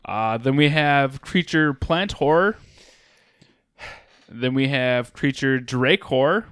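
A man co-hosting a casual gaming podcast, reading card previews with dry, deadpan teasing. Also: medium pitch, slow, smooth, no room sound. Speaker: podcast co-host.

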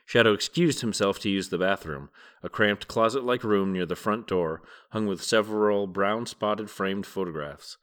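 A man's voice: fairly low pitch, moderate pace. A man hosting a podcast who reads a novel aloud a page at a time and chats about it afterward. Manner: relaxed, chatty reflection. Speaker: podcast host and reader. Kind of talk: reading a novel aloud and commenting.

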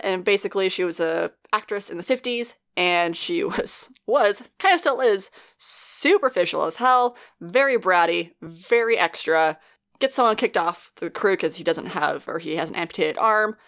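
A woman's voice: mid-range voice, expressive, moderate pace, a bit bright. A woman co-hosting a podcast, giving a casual, laughing recap of a TV episode and swearing freely. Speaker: podcast co-host.

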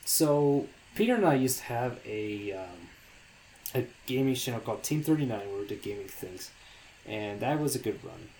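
A man's voice: medium pitch, animated, moderate pace, darkish tone, a little hiss or hum. Young man chatting with many ums. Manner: hesitant, many fillers and restarts. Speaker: podcast co-host. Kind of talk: casual podcast chat.

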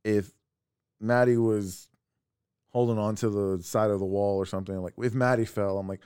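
Male podcast co-host, lowish voice, dry close sound, casual and animated storyteller who laughs a lot. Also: normal speed, clear, resonant tone, dry recording. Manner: animated, laughs often, acts out quoted voices. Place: at home.

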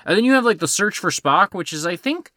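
A man co-hosting a podcast, chatting casually about films, animated, swearing freely and laughing often. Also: high voice, fast talker, no echo. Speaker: podcast co-host. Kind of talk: casual film discussion.

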